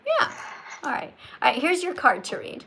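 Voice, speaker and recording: A woman hosts a live-stream call-in with a fairly high, gravelly voice. She lectures her callers in an emphatic, insistent way and drills them on pronunciation, pressing each point hard. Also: huge pitch swings, normal speed, bright, forceful tone. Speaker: livestream host talking with callers.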